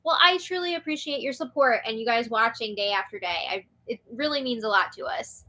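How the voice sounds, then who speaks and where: A young woman hosts a live chat show, reading out viewer messages in a chatty, giggly way full of little fillers. Her voice is bright and sits a bit high, and her throat is sore. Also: fairly quick. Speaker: show host.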